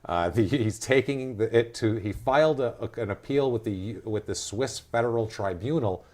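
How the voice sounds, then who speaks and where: A man's voice: lowish voice, normal speed, darkish tone. A man hosting a podcast, casually retelling a true-crime story with jokes and swearing. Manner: profane, joking, reads dates and quotes. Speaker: podcast host.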